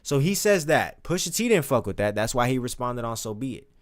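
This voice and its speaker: A man giving casual, profane commentary as a streamer, breaking into recited lines with big swings in pitch and loudness. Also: sing-song, a little fast. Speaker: streamer discussing rap lyrics.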